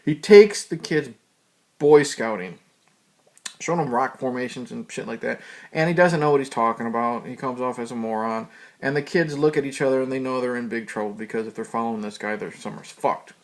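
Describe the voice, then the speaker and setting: A man giving a casual, rambling movie review, swearing freely and filling pauses with ums. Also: mid-range voice. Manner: loose, profane, rambling with fillers.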